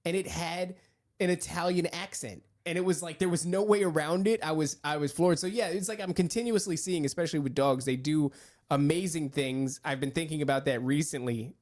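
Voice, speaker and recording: A young man hosting a podcast, talking in a rambling, animated way and laughing often. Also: fairly high pitch, fairly quick. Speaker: podcast host. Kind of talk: casual chat.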